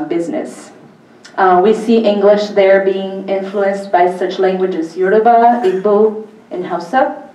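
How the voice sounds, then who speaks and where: A woman's voice: on the low side, darkish tone. A woman giving an academic lecture at a public symposium, speaking conversationally with frequent ums and uhs. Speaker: university lecturer. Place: lecture hall. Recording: echoey hall, mic from far off.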